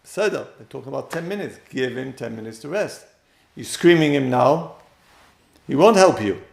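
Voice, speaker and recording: A man teaches a lesson on married life, his voice gravelly with fry at mid pitch. He speaks emphatically and turns to address the listeners directly, repeating his main points. The recording carries a roomy echo. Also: animated, normal speed. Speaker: teacher giving marriage guidance.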